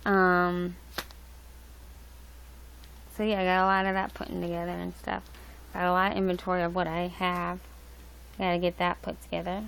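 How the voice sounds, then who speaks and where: A woman's voice: mid-range voice, vocal fry, clear, resonant tone, low-quality recording. A young woman hosting a livestream, rambling loosely with lots of fillers and restarts. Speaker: livestream host. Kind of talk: casual rambling chat. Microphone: laptop mic.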